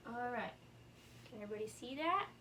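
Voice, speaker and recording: A young woman teaching a classroom grammar lesson, encouraging and slow-spoken as she writes on the board. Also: fairly high pitch, lively intonation. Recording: distant camera with faint room noise.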